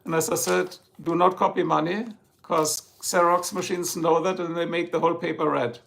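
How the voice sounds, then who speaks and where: A man with a heavy German accent speaks in a rather high voice with a gravelly rasp, and German is his native language. He rambles along in casual, joking livestream chat from home. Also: fairly even intonation, moderate pace, fairly bright tone. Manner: chatty, rambling, jokey. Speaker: livestream host. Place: home, Ohio.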